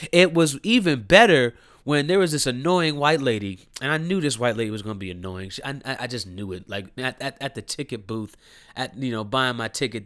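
A man giving a blunt, animated, profane movie review rant, often laughing as he talks. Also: medium pitch, no room sound, clean studio sound.

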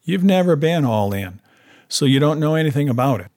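A man doing a slow, rustic Klondike musher. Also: on the high side, lively intonation, a little mellow, voice pushed up. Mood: plain-spoken. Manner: slow, rustic, dry humor. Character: slow, plain-spoken male Klondike dog-musher.

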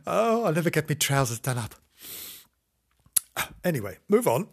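A man's voice: medium pitch, lively intonation, slow pace, long pauses. A man reading a children's story aloud in a playful, sing-song way, breaking off into cheeky asides and mock apologies to the children.

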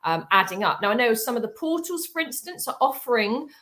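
Bright chatty woman co-host. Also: a little high, expressive, a little fast. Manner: chatty, laughs easily, many fillers. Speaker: estate agency co-host. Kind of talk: casual industry chat.

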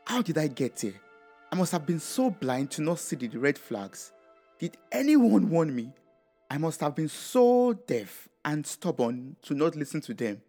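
A man's voice: fairly high pitch, a little mellow. A man narrating a dramatic first-person story in a reflective tone.

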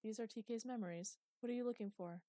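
A woman reading the part of a shy, polite young female space-station AI who talks quietly and formally. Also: fairly high pitch, fast talker, no room sound, clean studio sound, pitched above the performer's own voice, lightly acted.

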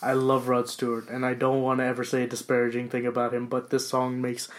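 A young man co-hosting a casual podcast chat, talking in halting bursts with many restarts. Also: medium pitch, monotone. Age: young adult. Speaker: podcast co-host.

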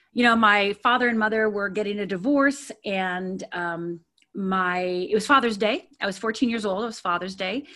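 A middle-aged woman from Michigan's Upper Peninsula candidly shares her personal story as an interview guest. Her medium-pitched voice has a sharp tone, and she uses many fillers and repeated words.

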